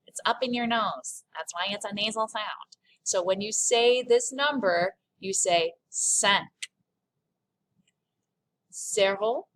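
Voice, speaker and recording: A woman's voice: mid-range voice, measured pace, poor audio. A woman French teacher giving a recorded online lesson, explaining pronunciation patiently and step by step.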